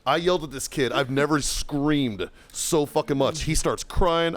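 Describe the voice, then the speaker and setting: A middle-aged man, a podcast host, telling a profane story in casual chat, shouting when he quotes himself. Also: fairly high pitch, animated, moderate pace, hardly any pauses.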